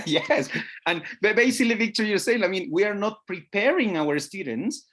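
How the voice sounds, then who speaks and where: Lively-voiced trainer on a video call. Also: mid-range voice, normal speed. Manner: patient, checks understanding, often says "guys". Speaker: CELTA teacher trainer. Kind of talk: online webinar teaching.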